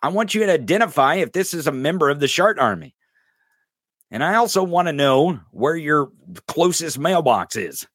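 A man's voice: a little high, very animated, moderate pace, a bit bright, no room sound, studio quality. A man hosting a podcast, ranting in mocking, profane political commentary and calling out a listener in the chat. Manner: mocking, profane, addresses a chatter directly. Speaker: podcast host.

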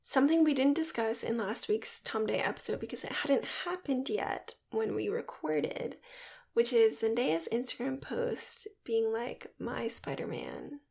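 A woman's voice: on the high side, unhurried, creaky, darkish tone. A young woman co-hosting a podcast, giggly and dramatic in unfiltered casual chat. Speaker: podcast co-host.

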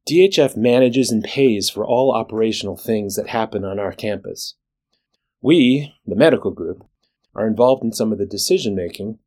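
A man who is a physician and the show's host reads a scripted weekly recap in a measured, plain way, with a dry sense of humor. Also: on the low side, a little mellow. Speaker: physician leader and podcast host.

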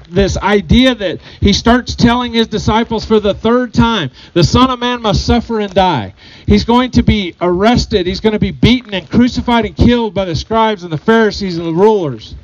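A man's voice: high-pitched, no echo, lo-fi sound. A man preaching a sermon to his congregation, earnest, often repeating phrases and putting questions to the people. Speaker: pastor.

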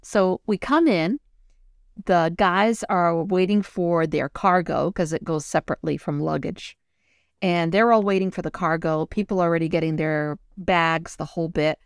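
A woman's voice: on the low side, normal speed, vocal fry, smooth, no room sound, studio quality. A middle-aged woman co-hosting a casual chat, telling stories animatedly and getting emotional. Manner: animated storytelling, gets emotional. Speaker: co-host.

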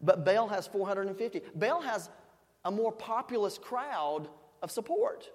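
Animated preacher in an echoey hall. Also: medium pitch, measured pace. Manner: animated, swinging between loud shouts and quiet asides; playful, joking storytelling. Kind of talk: sermon.

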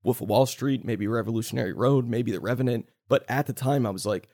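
A man hosting a casual movie review podcast, talking in animated bursts with swearing and quick asides. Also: medium pitch, gravelly. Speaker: podcast host.

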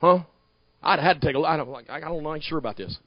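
A man preaching a sermon to a congregation, talking back and forth with them and building to shouted emphasis. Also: on the high side, lively intonation, rapid-fire, dry recording, dull audio. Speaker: pastor.

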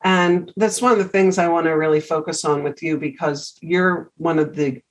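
A middle-aged woman hosts an interview show with a fairly low voice. She talks in a chatty, easy way and tells her anecdotes with lively energy. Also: moderate pace, low-quality recording. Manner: chatty storyteller, animated anecdotes. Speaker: podcast host. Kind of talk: casual interview chat.

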